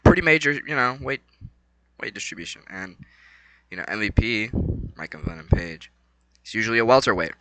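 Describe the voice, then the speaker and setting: A young man rambling casually about a fight night, excitable and slangy, swinging between low mumbles and loud bursts. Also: a little fast, long pauses, no echo, low-quality recording. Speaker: vlogger.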